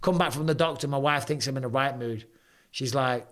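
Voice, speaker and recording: English male host, 40s, hoarse, animated and slangy, average pitch. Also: fairly quick. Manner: chatty, animated storytelling with British slang. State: hoarse from throat trouble. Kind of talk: casual live-stream chat.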